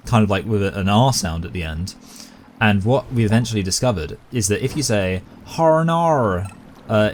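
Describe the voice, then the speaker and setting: A British man with a deep, low voice talks over his own gameplay. He rambles and knows it, piling aside on aside in a relaxed, chatty way. Faint ambient noise sits behind him. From Britain. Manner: rambling, long-winded and self-aware. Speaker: gaming YouTuber. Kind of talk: casual commentary while gaming.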